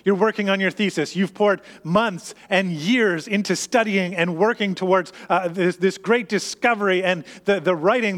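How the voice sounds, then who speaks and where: High-voiced man preaching in a reverberant hall. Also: a bit bright. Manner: conversational, explanatory teaching with frequent restarts. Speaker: pastor. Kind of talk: sermon.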